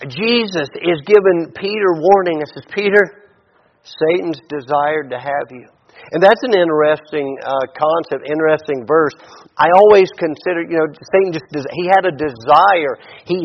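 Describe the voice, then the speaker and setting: A man preaching a sermon in a conversational way, often restarting and repeating words. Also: a little high. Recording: dull audio with long hall reverb.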